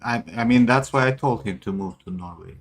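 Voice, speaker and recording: A man's voice: mid-range voice, a little fast, slight background noise. A man bantering on a stream, teasing dryly in casual chat.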